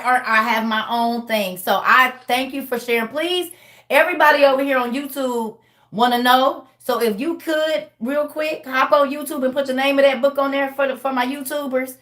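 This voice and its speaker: A woman's voice: high voice, a bit bright. A woman hosting a video call, chatting casually in a colloquial, talkative way. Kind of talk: casual chat.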